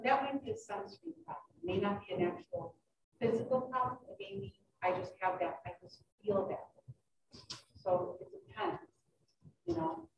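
A woman doctor giving an informal question-and-answer talk, who tells stories lively and acts out her patients' voices. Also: sits high. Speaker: urogynecologist giving a library talk. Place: library meeting room. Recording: echoey room, distant dull mic.

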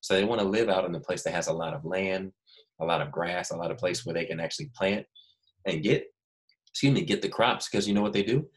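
Male grade-school teacher, low voice, animated and encouraging, leads kids in call-and-repeat. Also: fairly quick. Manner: animated, coaxing children to repeat words. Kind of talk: remote classroom lesson. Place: Los Angeles.

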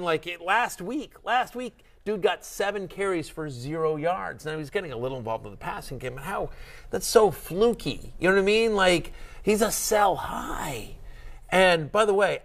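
A man co-hosting a fantasy football show, talking in an excitable, rambling way with lots of restarts. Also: high voice. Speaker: fantasy football analyst and co-host. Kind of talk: animated sports podcast chat. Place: studio.

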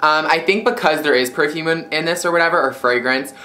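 Bubbly, bright-voiced young woman vlogging. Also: deep voice, brisk, slight background noise. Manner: bubbly, chatty, giggly, heavy use of "like". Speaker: beauty vlogger. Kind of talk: casual product review vlog.

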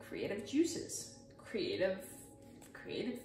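A woman's voice: medium pitch, wildly swooping pitch, takes it slowly, darkish tone, recorded from a distance. Young woman artist, casual and foul-mouthed, set back from the mic in an echoey room with music behind. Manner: rambling, profane and self-mocking. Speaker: artist showing her sketchbook. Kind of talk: casual chat. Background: music playing.

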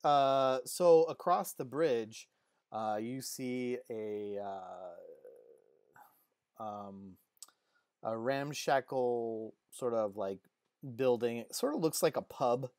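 A woman narrating a tabletop game as game master, halting with many fillers. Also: a bass voice, a little mellow, no echo, clean studio sound.

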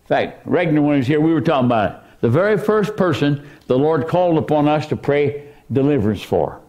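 Animated preaching man with lively pitch. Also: a little fast. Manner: animated preaching, voice surging high for emphasis. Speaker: pastor. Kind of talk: sermon. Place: church.

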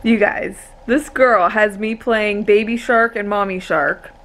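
A young woman and mother filming a casual home vlog on a handheld camera, gushing and excitable. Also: medium pitch, slow, soft background music. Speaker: vlogger and mother. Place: family home.

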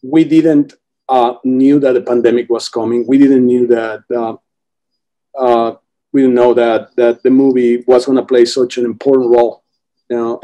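A man with a mellow, mid-range voice speaks casually as a film director in a podcast interview, rambling and restarting often. The remote audio sounds dull and lo-fi.

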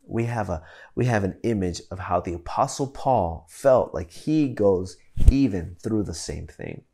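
A man's voice: low-pitched, creaky, dark tone. A man in his thirties preaching a sermon as a pastor, telling a family story in a conversational, storytelling way.

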